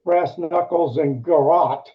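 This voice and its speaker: A man's voice: a little high, slow pace, dull audio. A man playing in a tabletop game, laid-back and joking. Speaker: player. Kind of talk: casual tabletop chat.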